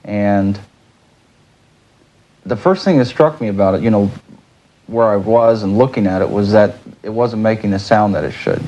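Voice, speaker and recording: A man's voice: lowish voice, normal speed, long pauses, warm tone, highs cut off. A man being interviewed, recalling events in a rambling way, with many "you know"s. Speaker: interviewee recounting a dream. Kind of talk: casual interview recollection.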